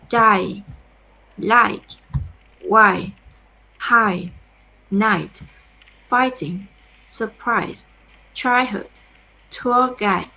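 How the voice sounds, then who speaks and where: A woman teaching an English pronunciation lesson, modeling words slowly for her students to repeat. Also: medium pitch, slight background noise, low-quality recording.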